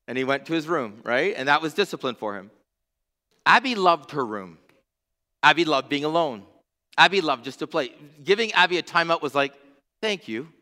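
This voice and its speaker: A middle-aged man preaching a sermon as pastor, with impassioned, rhythmic repetition that swings from hushed to near-shouting. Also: on the high side, lively intonation, normal speed. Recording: long reverb of a large hall.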